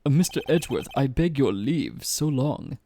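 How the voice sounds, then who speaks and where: A prim hotel bellman from a courtroom video game, as a man puts him on. He speaks with stiff, drawn-out courtesy and a snooty edge, in a fairly ordinary middle-pitched voice. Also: very animated, dark tone, a little hiss or hum. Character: snooty, overly formal male hotel bellman.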